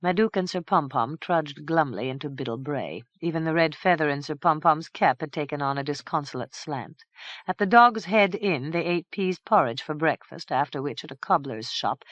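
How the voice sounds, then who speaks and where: Brief: low-voiced woman narrator, measured storytelling, dry close recording. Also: fairly bright tone, no echo, lo-fi sound. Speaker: audiobook narrator. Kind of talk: scripted narration.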